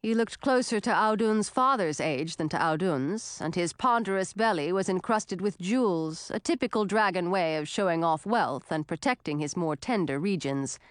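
Brief: female audiobook narrator, clear and even, close dry studio mic. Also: lowish voice, normal speed, few pauses, no echo.

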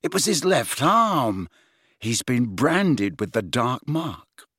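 A man's voice: medium pitch, very animated, slow, a bit bright, husky, no room sound, clean studio sound, full character voice. A man voicing a stubborn teenage boy insisting on his suspicions. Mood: insistent.

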